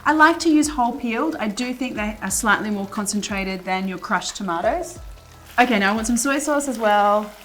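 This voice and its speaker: Over soft background music, a cooking-show host talks through a recipe at a moderate pace in her medium-pitched voice. She's cooking in a home kitchen, and her manner is chatty and relaxed, with plenty of fillers.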